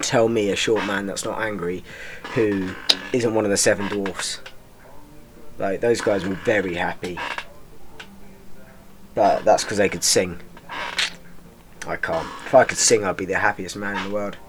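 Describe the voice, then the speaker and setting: A young man hosting a podcast, rambling in a deadpan, self-mocking way and swearing freely. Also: lowish voice, unhurried, pauses often, a crowd in the background. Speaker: podcast host. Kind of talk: rambling comic monologue.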